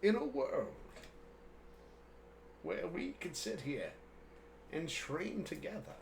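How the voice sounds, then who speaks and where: A man putting on the voice of a male movie-trailer announcer, with a dramatic, hushed delivery. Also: on the high side, sing-song, slow pace, creaky, slight background noise, exaggerated voice.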